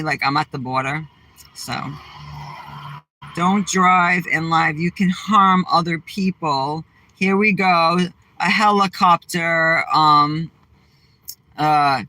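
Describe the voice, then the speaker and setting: Bright-voiced Massachusetts guy ranting. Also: a little high, dry recording, poor audio. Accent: Southeastern Massachusetts. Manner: rambling, blunt, swears freely. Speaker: vlogger. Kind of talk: casual livestream chat while driving. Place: inside a car. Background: faint vehicle noise.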